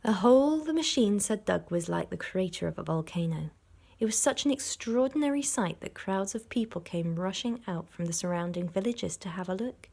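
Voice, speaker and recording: A woman, a primary school teacher, reading a storybook aloud to children in an expressive way, stopping to explain words. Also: medium pitch, normal speed, gravelly.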